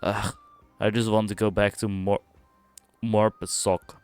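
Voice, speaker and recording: A man's voice: fairly low pitch, flat delivery, unhurried, darkish tone, clean tone, soft background music, natural voice. A man reading game dialogue aloud, voicing a grumbling young male rookie agent in a put-on accent. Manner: put-on accent, slangy complaining.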